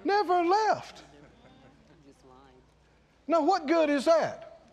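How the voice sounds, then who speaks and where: A very high-voiced male preacher swings his pitch widely as he drives his points home with repetition and quick questions. He speaks slowly and deliberately. A long hall echo trails every line. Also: gravelly. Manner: animated, questioning the congregation, emphatic repetition. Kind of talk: sermon.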